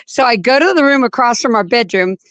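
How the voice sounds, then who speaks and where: An animated woman tells a story on a casual online chat, laughing as she goes. Her voice sits a little high and sounds close and dry, with no room around it. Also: a little fast, no room sound. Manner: animated, laughs while telling, acts out her own panicked voice. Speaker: co-host telling a story.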